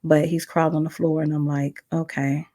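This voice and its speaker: A woman's voice: low-pitched, level tone, a little fast, mellow. A woman hosting a podcast, telling a personal testimony with strong emotion and acting out the voices in her story. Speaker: podcast host.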